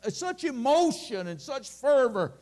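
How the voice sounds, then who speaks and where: High-voiced preacher in his sixties. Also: sing-song, unhurried, darkish tone. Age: late 60s. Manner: folksy preaching with scripture quotes. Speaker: pastor. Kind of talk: sermon.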